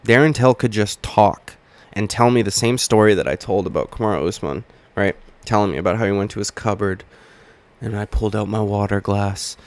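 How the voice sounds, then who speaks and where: A man hosting a heated, profane commentary video, talking straight to his camera as he argues his points. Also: on the low side. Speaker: MMA commentary channel host. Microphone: webcam or camera mic.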